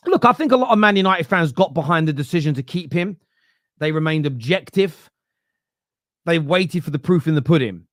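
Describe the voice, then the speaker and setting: A man with a fairly high-pitched voice hosts a fan podcast in a casual live-stream style. He speaks bluntly and with opinion, with "uh" and restarts. The sound is dry and close. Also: expressive, normal speed, a bit bright, no echo. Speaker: host of a fan football podcast. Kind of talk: casual live-stream commentary reading viewer comments.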